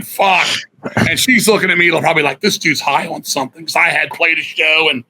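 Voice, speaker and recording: A middle-aged man, a guest musician, telling stories in a blunt, profane, animated way. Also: on the high side, moderate pace, poor audio. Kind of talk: casual storytelling interview.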